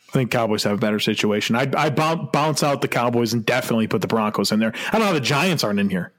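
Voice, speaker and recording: Animated, laughing podcast co-host man. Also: mid-range voice, rapid-fire. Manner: animated, laughs often, hesitant restarts. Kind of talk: casual sports podcast chat.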